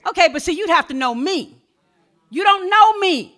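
A woman pastor delivers a sermon in a high, bright voice. She tells everyday stories softly, then rises to shouted exhortation. She sounds middle-aged and speaks with a preacher's call-and-response rhythm. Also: expressive, normal speed. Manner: preaching with swings between soft storytelling and shouted exhortation.

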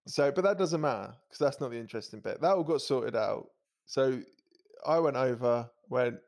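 Thirties podcast host spinning an anecdote, animated and crude. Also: male voice, mid-range voice, normal speed, vocal fry. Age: 30s. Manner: animated, swearing, acts out quoted voices, laughs often. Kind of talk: casual storytelling chat.

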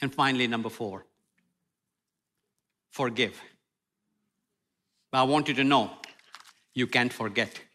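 A middle-aged man preaching a sermon with humor, swinging from loud outbursts to near-whispers. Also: medium pitch, measured pace, pauses often. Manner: animated, humorous preaching with sudden loud and soft turns. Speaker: pastor.

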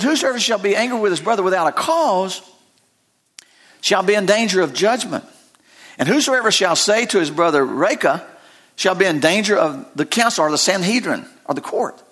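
An older man preaching a sermon as pastor, folksy and animated, with self-deprecating humor. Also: sits high.

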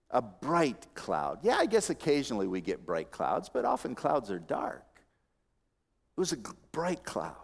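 A man preaching a sermon as pastor to his congregation, with expressive delivery that moves from soft asides to loud emphatic peaks and dry humorous remarks. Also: mid-range voice. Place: church sanctuary. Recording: long reverb of a large hall.

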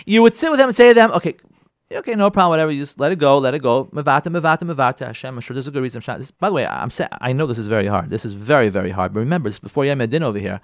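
A male rabbi talks to his listeners in an animated, high-pitched voice that climbs and falls a great deal. He hammers points home by repeating them and uses Hebrew terms. The sound is dry and close. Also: no echo. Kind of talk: Torah class on marriage.

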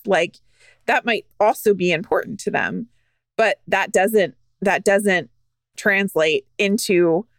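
A woman co-hosting a podcast, speaking casually and thoughtfully, with frequent fillers and bursts of quicker speech. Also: on the low side, dry recording. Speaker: podcast co-host.

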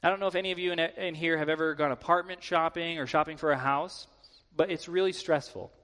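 A man with a fairly high voice preaching a sermon in a church, relaxed and conversational and full of casual filler words. His voice rings out with a long reverb. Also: fast talker. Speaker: guest preacher. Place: church sanctuary.

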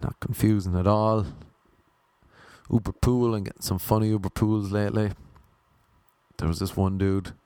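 A young Irish man telling funny anecdotes in a deadpan, sardonic way. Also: lowish voice, moderate pace, pauses often, clear, resonant tone, no echo. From Ireland. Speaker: vlogger. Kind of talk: casual storytelling monologue.

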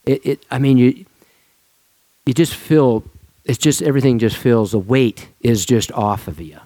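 A male pastor giving a relaxed, conversational sermon to his congregation. He talks informally with frequent restarts and laughs. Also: medium pitch, measured pace, no echo.

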